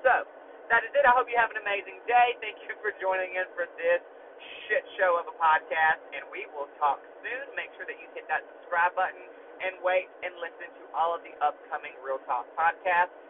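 A man in a slightly high register tells a story on his podcast, chatty and animated, with fillers and casual swearing. The sound is thin and phone-like, with a faint hiss underneath. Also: brisk. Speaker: podcast host.

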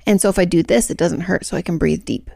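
A woman's voice: lowish voice, quick pace, vocal fry, warm tone, dry recording, clean studio sound. A young adult woman co-hosting a podcast, chatting casually and rambling through stories with lots of fillers. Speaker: podcast co-host. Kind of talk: casual chat.

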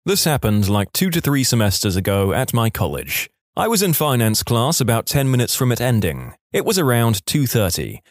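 A man's voice: mid-range voice, no room sound, clean studio sound. A man reading listener-submitted stories aloud, with wry, sarcastic asides. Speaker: story narrator.

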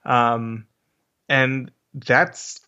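A man's voice: medium pitch, steady tone, sharp tone, clear, resonant tone. Man, South African accent, casual conversation, restarts a lot, muffled lo-fi recording. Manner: slow, searching for words, many restarts. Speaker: guest hunter.

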